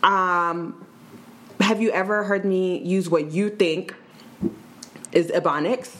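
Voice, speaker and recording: A young woman co-hosting a casual podcast, telling a story in a measured way with frequent pauses and ums. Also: lowish voice, fairly even intonation, a little hiss or hum. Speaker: podcast co-host.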